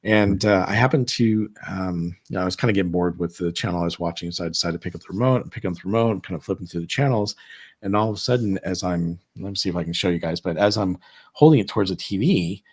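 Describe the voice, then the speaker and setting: A man sits at his dining table and tells his ghost stories in a relaxed, rambling way. His voice sits low and has a husky edge. He keeps circling back with fillers and restarts. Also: fast talker. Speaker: guest telling personal ghost stories. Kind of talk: casual storytelling chat. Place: his own home, seated at dining table.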